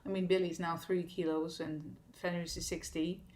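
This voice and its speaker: Relaxed chatty woman on a livestream. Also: on the low side, normal speed. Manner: relaxed and chatty, laughs often, many fillers. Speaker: singer hosting a fan livestream. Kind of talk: casual livestream chat reading viewer comments. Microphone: streaming setup at a desk.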